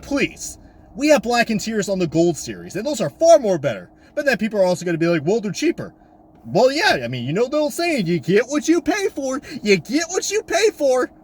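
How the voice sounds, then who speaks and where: A man ranting loudly on camera about diecast cars, swearing and swinging from high exasperated shouts down to low mutters. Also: wildly swooping pitch, a little fast, slightly rough. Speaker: diecast collector vlogger. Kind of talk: profane comedic rant. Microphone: camera mic.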